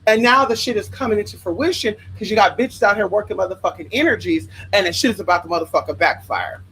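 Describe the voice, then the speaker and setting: A woman's voice: medium pitch, fast talker, a bit bright, husky, low-quality recording. A young woman from Los Angeles hosting a livestream, giving spiritual advice in an emphatic, profane, sassy rant that keeps calling listeners honey. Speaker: livestream host.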